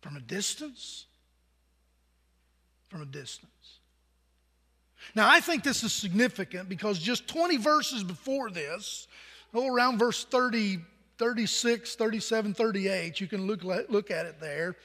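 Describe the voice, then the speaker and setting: Man, pastor, sermon, conversational, bright tone, long reverb. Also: sits high, normal speed. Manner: conversational, asks the congregation questions.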